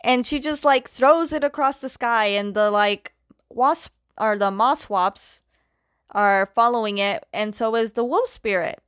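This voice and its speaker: A woman chatting her way through a story's plot, lively and loose, with plenty of "like"s. Her voice is smooth and clear, recorded close in a dry room. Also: fairly high pitch, unhurried, no echo. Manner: chatty and animated, many "like"s. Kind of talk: casual plot retelling.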